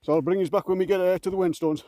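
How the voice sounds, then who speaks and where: A man vlogging casually while hiking up moorland outdoors, out of breath and speaking haltingly with lots of fillers. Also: sits high, fairly even intonation, mellow. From England. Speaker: camping vlogger.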